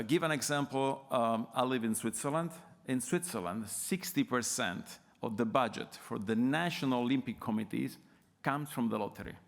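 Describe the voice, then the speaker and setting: A man's voice: mid-range voice, gravelly. A man with an Italian accent and a nasal voice giving a hesitant conference presentation full of fillers. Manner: hesitant, many fillers and restarts. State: nasal from a cold. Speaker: conference panelist. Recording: reverberant conference hall.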